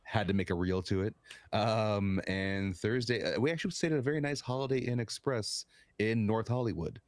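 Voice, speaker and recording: A man's voice: lowish voice, moderate pace, dry recording, clean studio sound. A man on a podcast, co-hosting and telling stories casually, often repeating words as he starts a thought. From California, United States. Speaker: podcast co-host. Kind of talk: casual chat.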